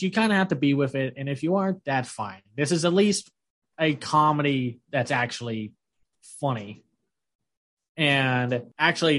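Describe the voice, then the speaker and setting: Male host, casual anime review, lively delivery, frequent laughter. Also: mid-range voice. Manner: animated, acts out scenes in goofy voices, laughs often. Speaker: podcast host.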